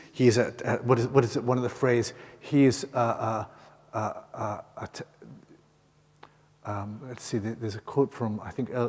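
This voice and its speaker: A Scottish priest preaching a homily with a somewhat low, husky voice. He tells his story casually, full of fillers and restarts. His words ring out with a long reverb through a large cathedral. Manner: rambling, self-correcting storytelling with frequent fillers. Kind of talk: homily at Mass.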